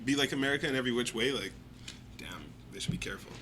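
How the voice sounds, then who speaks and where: A man's voice: medium pitch, racing. A man in a casual group podcast chat, firing off questions and repeating himself. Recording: noisy.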